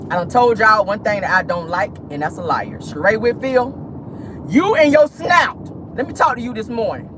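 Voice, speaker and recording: Animated sassy woman vlogging from a car. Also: mid-range voice, slight background noise. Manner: exclamatory and sassy, calling out to the Lord, sprinkling in "honey" and "child". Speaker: celebrity gossip vlogger. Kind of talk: animated celebrity gossip commentary. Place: parked car.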